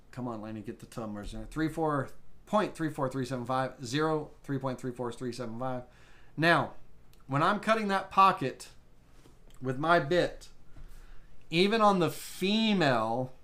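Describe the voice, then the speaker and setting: Man, slow unhurried pace, mid pitch, live software tutorial, thinking aloud. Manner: thinking aloud, fillers and restarts while working the software. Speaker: woodworking CNC instructor.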